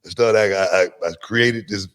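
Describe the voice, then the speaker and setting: A man guesting on a talk show, telling animated stories and often repeating words as he goes. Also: fairly low pitch, normal speed. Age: older. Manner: animated, repeats words, laughs mid-sentence. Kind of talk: casual interview storytelling.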